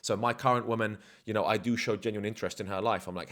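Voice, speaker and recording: A man with a lowish voice gives dating advice in a casual vlog. He talks bluntly, with slang and easy self-assurance. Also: fairly even intonation, fast, few pauses, a bit bright. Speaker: dating coach.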